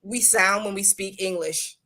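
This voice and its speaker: A middle-aged woman guest in a casual live chat, telling stories in an animated, playful way. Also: mid-range voice, measured pace.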